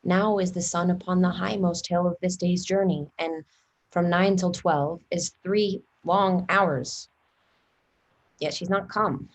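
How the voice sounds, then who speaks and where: A woman's voice: fairly low pitch, fairly even intonation, takes it slowly. A woman reading the part of an eager young girl in love in a table read of a play, pleading and impatient. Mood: musing.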